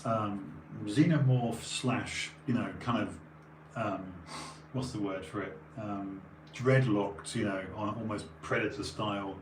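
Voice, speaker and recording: A man's voice: fairly low pitch, steady tone, unhurried. A man rambling casually on a stream, tired and sniffly, full of digressions and restarts. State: runny nose, tired. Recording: echoey room, faint background noise.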